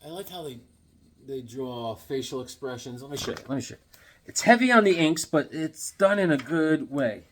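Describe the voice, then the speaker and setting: A man showing off his comic books in a casual vlog, animated and joking, with corny puns and sudden yelps. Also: medium pitch, moderate pace, slight background noise. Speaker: comic book vlogger. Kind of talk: casual show-and-tell chat.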